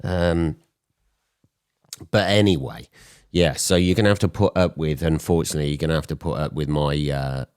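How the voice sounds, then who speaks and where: A man in his forties, hoarse from a cold, hosting a podcast in a blunt, swearing, rambling monologue. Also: rumbling low, fairly even intonation, normal speed, darkish tone, no room sound, studio quality. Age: 40s. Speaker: podcast host. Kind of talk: casual solo podcast monologue.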